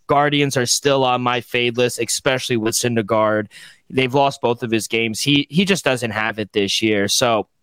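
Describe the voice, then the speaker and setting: A man's voice: medium pitch, normal speed, a bit bright, clear, resonant tone, no echo. A man co-hosting a sports betting podcast, confidently and matter-of-factly running through his picks and stats. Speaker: podcast co-host, betting analyst.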